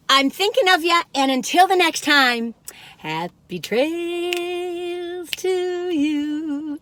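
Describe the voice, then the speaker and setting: Woman, high pitch, very animated, chatty, sings bits, chews while talking. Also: no room sound. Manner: chatty, breaks into snippets of song; talks while chewing, savoring sounds. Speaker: food reviewer. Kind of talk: casual taste-test chat.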